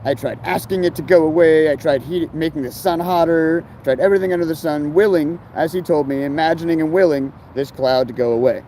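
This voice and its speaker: A man's voice: fairly high pitch, brisk, few pauses, mellow, a little hiss or hum. A man talking in a rambling, casual monologue full of slang and fillers about life on the road. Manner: meandering, filler-heavy, laid-back slang.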